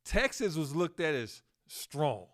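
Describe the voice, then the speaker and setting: A man hosting a solo podcast, talking slowly with fillers and self-corrections, and pushing up on key words for emphasis. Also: on the high side, big pitch swings, a bit bright. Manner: slow, halting delivery with fillers and self-corrections. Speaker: podcast host.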